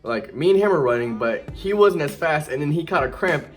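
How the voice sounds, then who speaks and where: A young man casually telling a story from his teens, animated, often jumping into loud high-pitched voices when he quotes people. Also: a little fast, soft background music.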